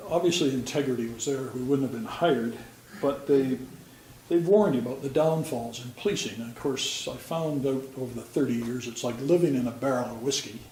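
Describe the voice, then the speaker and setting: An older man recalls his years on the police force in a plain, folksy way, with dry humor between the stories. His voice sits at an ordinary pitch. The recording is roomy, with a faint hum behind him. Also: moderate pace, a little mellow. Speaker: retired police officer. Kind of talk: storytelling. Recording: roomy sound with faint background noise.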